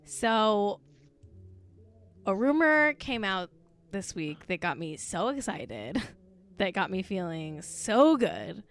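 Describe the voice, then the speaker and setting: Animated gossipy woman podcaster. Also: medium pitch, takes it slowly, pauses often. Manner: gossipy, blunt, lots of "like". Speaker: podcast co-host. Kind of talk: casual chat.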